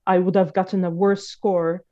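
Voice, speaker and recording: A woman's voice: on the low side, level tone, normal speed, dark tone. A woman in her late twenties telling a personal story in casual conversation, hesitant, with many fillers and restarts. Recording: dull lo-fi recording.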